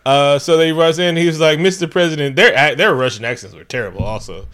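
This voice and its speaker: A man co-hosting a casual movie review chat, telling the plot in an animated, profane, joking way. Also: a little high, fast. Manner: animated, profane, jokey storytelling. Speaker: podcast co-host.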